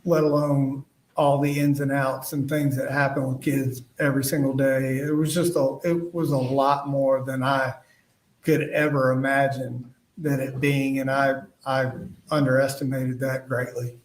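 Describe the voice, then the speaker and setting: A man's voice: medium pitch, level tone, slight background noise. Man testifying from far in an echoey courtroom. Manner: halting, retells conversations in quoted dialogue. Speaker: witness testifying at trial. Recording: echoey room, voice far from the mic.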